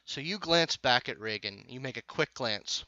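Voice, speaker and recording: Halting, casual male game master. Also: mid-range voice, lively intonation, sharp tone, dry recording, dull audio. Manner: casual, halting, many restarts. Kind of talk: narrating a tabletop game.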